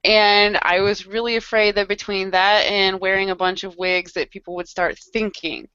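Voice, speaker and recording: A woman from Louisiana chats on a podcast in a self-deprecating way and laughs often. Her voice is bright and smooth. The recording sounds dry, with no room, and dull. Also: mid-range voice, flat delivery, normal speed, no room sound. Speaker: podcast co-host. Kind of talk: casual chat.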